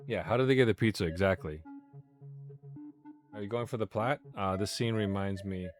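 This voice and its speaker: Low-voiced man streaming a game. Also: music in the background. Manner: rapid, stumbling, apologetic asides. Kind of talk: live gameplay commentary.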